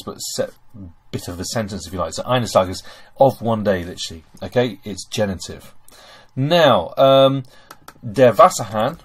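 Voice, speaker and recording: A man teaching German grammar over a screen recording, chatty and full of okays and fillers. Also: on the low side.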